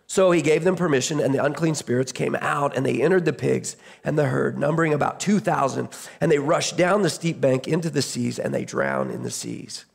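A man's voice: fairly high pitch, lively intonation, fairly quick, creaky, slightly rough. A man preaching a sermon as pastor, retelling a scripture story in a conversational way, often restarting his phrases.

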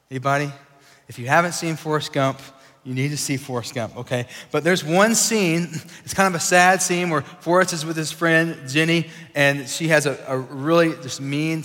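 A young man preaches a loose, casual sermon and keeps acting out little voices. His voice sits a bit high for a man. The sound rings with a long reverb, as in a large hall. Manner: animated, acts out voices, frequent fillers.

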